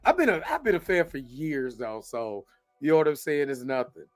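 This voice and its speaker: A man's voice: a little high, very animated, normal speed, soft background music. A man hosting a podcast in casual, joking chat, laughing often. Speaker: podcast host. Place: lives in Kansas City.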